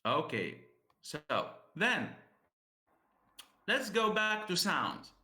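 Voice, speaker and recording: A male teacher lectures on pronunciation, with a bright voice that sits a little high. He takes his time and often checks with his students. The sound bounces around an echoey classroom. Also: wildly swooping pitch. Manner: explains slowly, repeats and checks with the class.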